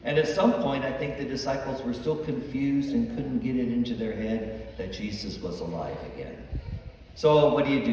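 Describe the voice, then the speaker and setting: Heard from far off in a reverberant church hall, a male priest preaches a sermon and voices the characters in the stories he tells. He has a fairly low, slightly mellow voice, and there's a bit of hiss or hum.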